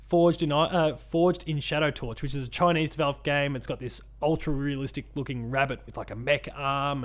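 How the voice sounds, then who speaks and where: A man from Australia co-hosting a casual chat podcast, rambling with many ums and restarts. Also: mid-range voice. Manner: rambling, lots of ums and restarts, laughs often. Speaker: podcast co-host.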